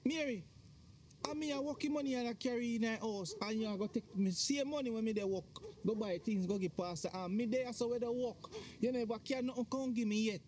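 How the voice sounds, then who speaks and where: An actor playing Donovan, a jealous working Jamaican husband loudly complaining about his wife and the pastor. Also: very high-pitched, fairly quick, a little hiss or hum. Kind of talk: Jamaican film drama acting.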